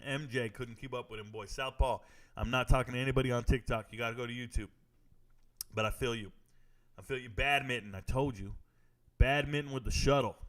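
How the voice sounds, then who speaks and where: Streaming his live reactions to fights, this man jokes around, repeats lines and speaks straight to his chat in casual commentary. His mid-range voice stays steady in tone, a bit bright, and moves fairly quickly.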